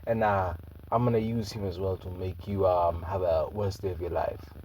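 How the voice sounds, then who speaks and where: A man's voice: low-pitched, steady tone, moderate pace, darkish tone, a little hiss or hum, pitched below the performer's own voice, lightly acted, poor audio. A man voicing a smug male robot warlord who taunts in a casual, mocking way.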